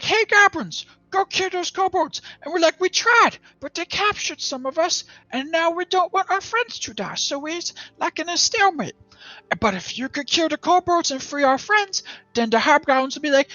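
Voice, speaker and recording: A man's voice: very high voice, pushed and bright, dry recording, dull audio, voice pushed up, heavily acted. A man voicing a scrappy male goblin who rambles in broken grammar.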